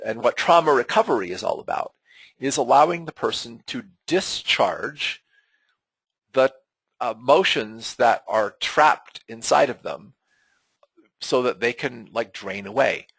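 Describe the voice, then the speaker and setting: A middle-aged man teaches an online webinar in an unscripted, conversational way, often restarting and repeating words. His voice is husky and gravelly, with a breathy edge. The sound is close and dry, with no room around it. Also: lowish voice, fairly bright tone, no room sound, rough recording. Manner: conversational and earnest, with frequent fillers and repeated words.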